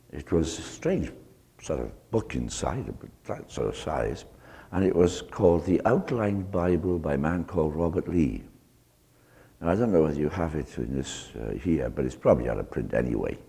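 A man with an extremely deep, dark and mellow voice delivers a sermon, drifting into an unhurried personal story. His words ring out with the long reverb of a large hall. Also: expressive, vocal fry. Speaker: preacher.

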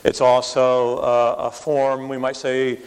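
Man, Bible teacher, explanatory lecture, keeps asking "right?", mid-pitched voice, long hall echo. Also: monotone, takes it slowly, smooth. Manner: explanatory, checks in with frequent tag questions.

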